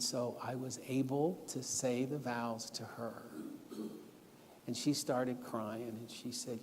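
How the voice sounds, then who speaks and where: A man's voice: medium pitch, little pitch movement, slow pace, darkish tone, a little hiss or hum. A middle-aged man preaching a lesson in church, telling personal stories and giving homework in an earnest, instructive way. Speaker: guest preacher. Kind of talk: sermon lesson. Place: church auditorium. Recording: long church hall reverb.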